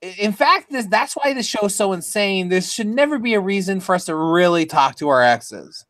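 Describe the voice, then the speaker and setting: A woman co-hosting a live, casual recap chat about a TV show, sarcastic and quick to giggle. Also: mid-range voice, expressive.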